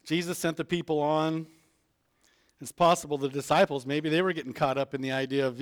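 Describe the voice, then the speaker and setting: This male preacher's voice sits on the high side, steady in tone and fairly quick. Casually retelling a scripture story in his sermon, he performs the characters' voices and chuckles as he goes.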